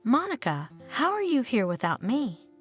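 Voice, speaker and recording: A woman's voice: a little high, big pitch swings, normal speed, breathy edge, faint music behind. A woman voicing a worried young father who speaks in an earnest, pleading way in a told story.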